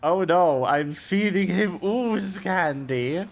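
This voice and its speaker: Slow-talking streamer making joking asides. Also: medium pitch, lively intonation. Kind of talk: casual gameplay commentary.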